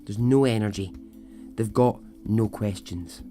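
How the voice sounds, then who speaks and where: A man retelling the words of an earnest male teacher who explains things slowly and reflectively. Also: lowish voice, dark tone, faint music behind, close to an everyday voice.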